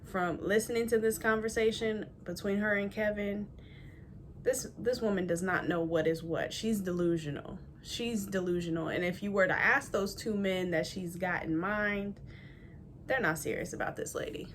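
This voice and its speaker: A woman's voice: medium pitch, normal speed, a bit bright, a little hiss or hum. Blunt laughing woman reacting. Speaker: reaction video host. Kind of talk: casual commentary.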